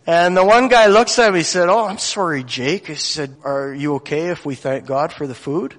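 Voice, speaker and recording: A man's voice: high voice, animated, normal speed, hardly any pauses, fairly bright tone. A man telling a faith story to a gathering, acting out the voices of the people in it. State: tearful at moments. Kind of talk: storytelling sermon. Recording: long hall reverb.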